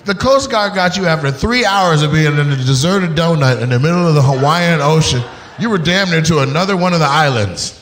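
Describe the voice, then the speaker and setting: A man doing crowd work on stage, loud and animated, acting out voices as he riffs with the audience. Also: a little high, normal speed. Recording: echoey venue with loud ambience.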